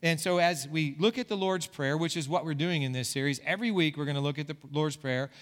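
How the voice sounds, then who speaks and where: A man's voice: on the high side, fairly quick. A man preaching a sermon as a pastor, in an earnest way that repeats words as he builds a point. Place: church sanctuary. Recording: church hall reverb.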